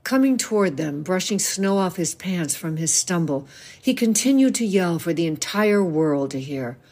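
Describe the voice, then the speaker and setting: A woman's voice: on the low side, normal speed. A woman in her seventies, a novelist, expressively reading a passage from her own book aloud. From United States. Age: 70s. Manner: expressive storytelling reading with voiced quotes.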